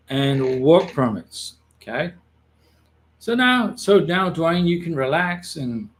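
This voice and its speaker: A man with a fairly high-pitched voice hosts an immigration advice livestream. He talks casually and reassuringly to his viewers, often repeating or restarting his phrases.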